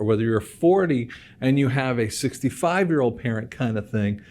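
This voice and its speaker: A man's voice: medium pitch, darkish tone. A man in his fifties, a hearing care doctor, talking casually to the camera in a chatty storytelling way. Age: 50s. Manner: chatty storyteller, repeats words as he restarts; acts out quoted voices in his stories.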